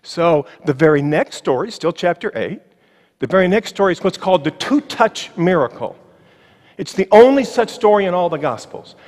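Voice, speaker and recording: Male pastor, sermon in a church sanctuary; higher voice, emphatic and slow on key lines, wry asides, long reverb. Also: very animated, a little mellow. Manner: emphatic, slowing on key phrases, with ironic asides.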